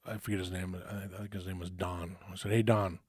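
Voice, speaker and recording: A man's voice: deep voice, flat delivery, brisk, no echo, clean studio sound. A man telling a story from his past in a casual, rambling way, swearing freely and full of fillers and restarts.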